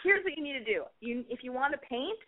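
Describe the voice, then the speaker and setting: Woman host, high-ish voice, swears freely, rambling pep-talk energy, phone-line tinny sound. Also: quick pace. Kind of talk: casual advice call-in chat.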